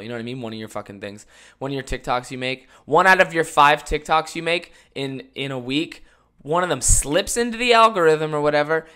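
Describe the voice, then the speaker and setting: Young male podcast host, morning voice, bright tone, rambling comic rants. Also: medium pitch, clear, resonant tone. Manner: rambling, jokey, swings between loud rants and mumbled asides. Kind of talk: casual solo podcast chat.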